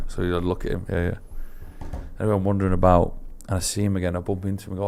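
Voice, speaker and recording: A man co-hosting a casual podcast, telling a story with animated embarrassment. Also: deep voice, fast talker, vocal fry, few pauses, a little hiss or hum. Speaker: podcast co-host.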